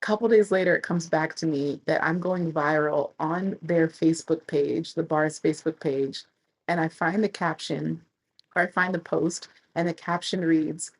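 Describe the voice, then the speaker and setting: Husky-voiced woman telling travel stories. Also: normal speed, rough recording. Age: 30s. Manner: animated, acts out quotes with big pitch jumps and laughter. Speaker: travel vlogger. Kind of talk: casual storytelling.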